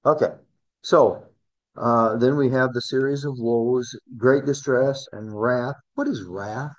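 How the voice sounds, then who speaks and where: A man teaching a Bible class in a conversational way, asking his listeners questions and rising in pitch to stress key words. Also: takes it slowly.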